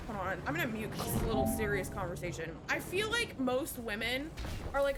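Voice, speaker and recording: A woman's voice: fairly high pitch, expressive, a little fast. A woman streaming live, chatting casually with her viewers while she plays, candid and swearing often, repeating herself. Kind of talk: casual chat while gaming. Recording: loud game music under voice. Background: loud game music.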